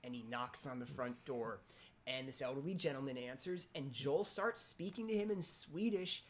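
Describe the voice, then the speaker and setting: Woman telling lively anecdotes. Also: rumbling low, moderate pace. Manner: animated anecdote telling with lively quoted reactions. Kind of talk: casual chat.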